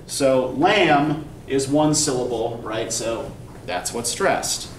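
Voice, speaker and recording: In a roomy, distant recording with faint background noise, a college English instructor lectures his class. His mid-range voice has lively intonation, and he's patient and explanatory, frequently pausing on "right?" to see if everyone follows.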